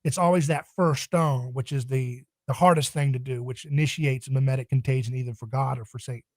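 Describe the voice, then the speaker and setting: A man's voice: mid-range voice, steady tone, fairly quick, no echo. A man speaking as a podcast guest in a passionate, emphatic, preaching tone. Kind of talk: podcast interview.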